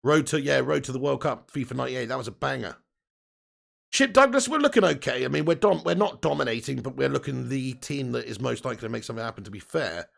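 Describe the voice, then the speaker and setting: A man's voice: mid-range voice, expressive, fast talker, gravelly. A man in his thirties, hosting a football watch-along stream, reading out chat messages in a casual, chatty way with frequent laughs and casual swearing.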